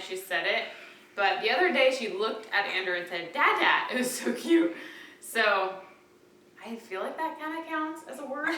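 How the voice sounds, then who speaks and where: A young woman chats to the camera about her twins in a bright, clear voice, fond and rambling, with "like" sprinkled through her talk. She sits some distance from the camera in a room at home, so the sound is roomy, with a faint hiss underneath. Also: medium pitch. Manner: chatty and fond, many "like" fillers. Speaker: vlogger and mother of twins. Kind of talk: casual chat to camera. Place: room in a family home with babies nearby.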